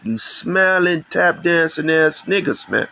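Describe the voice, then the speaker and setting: Middle-aged chicago guy ranting hard, gravelly voice, talks slow and keeps restarting. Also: a little high, lively intonation, sharp tone, rough recording. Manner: heated, profane, repetitive restarts. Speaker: channel host. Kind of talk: ranting religious commentary.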